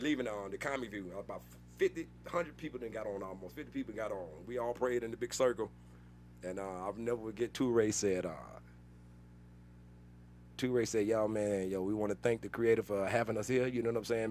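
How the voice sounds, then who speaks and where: A man, a comedian guest, telling stories in a slangy, animated way, with loud bursts when he acts out scenes. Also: on the low side, fairly quick, slight background noise. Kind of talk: casual storytelling interview.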